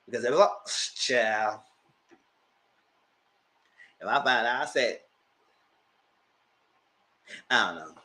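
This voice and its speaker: A man hosting a casual TV recap, chatty and animated, laughing often and breaking into excited outbursts. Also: mid-range voice, measured pace. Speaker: TV recap host. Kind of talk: casual live TV review commentary.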